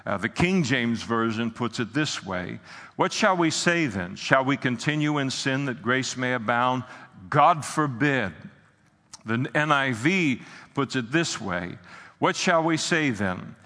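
Bright-voiced man preaching in a hall. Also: medium pitch, lively intonation, unhurried. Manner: earnest, with frequent filler sounds and restarts. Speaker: pastor. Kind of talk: sermon.

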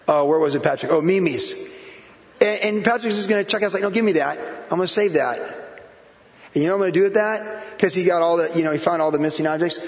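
A pastor in his forties preaching a sermon, animated, acting out quotes with whoops and laughter. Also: high voice. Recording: echoey hall, dull lo-fi sound.

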